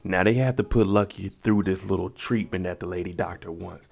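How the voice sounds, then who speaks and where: A man's voice: low-pitched, fairly quick, gravelly, a little mellow, faint music behind. A man giving a casual, slangy recap of a TV episode and reacting to each scene as he goes. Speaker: TV recap vlogger.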